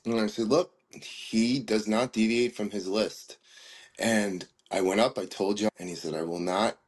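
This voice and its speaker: A man co-hosting a podcast who talks in a relaxed, conversational way and tells stories with plenty of fillers. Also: on the low side, unhurried. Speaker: podcast co-host. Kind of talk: casual chat.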